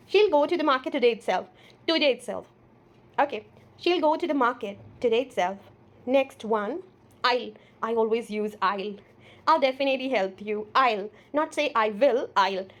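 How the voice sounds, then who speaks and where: A young woman with an Indian English accent teaching a spoken English lesson, repeating each example sentence slowly. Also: sits high. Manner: slow, repetitive drilling of example sentences.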